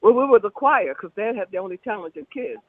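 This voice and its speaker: An older woman with a Southern US accent, chatting warmly and animatedly as a guest on a phone interview. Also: mid-range voice, a little fast, no echo. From Alabama, US. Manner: chatty, laughing, animated storyteller. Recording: tinny phone line, dry.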